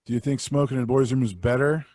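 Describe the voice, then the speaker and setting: A man's voice: mid-range voice, fairly even intonation, fast talker, a little mellow, no echo, studio quality. A young man co-hosting a casual podcast, joking around and breaking into bits of song. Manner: jokey, breaks into sung snippets. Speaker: podcast co-host. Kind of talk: casual chat.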